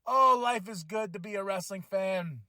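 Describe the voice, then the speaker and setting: A man hosting a podcast, recapping a wrestling show in casual chat, excitable, laughing and acting out what people said. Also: high-pitched, normal speed, dry recording. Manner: excitable, acts out quotes, swears, laughs often. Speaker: podcast host.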